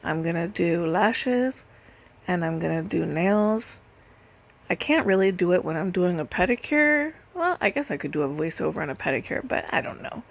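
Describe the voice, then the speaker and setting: A woman's voice: fairly low pitch, lively intonation, normal speed, creaky. A woman doing a casual storytelling voice-over, chatty and full of "like" and "literally". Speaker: nail and lash technician telling stories. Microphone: voice-over recorded separately.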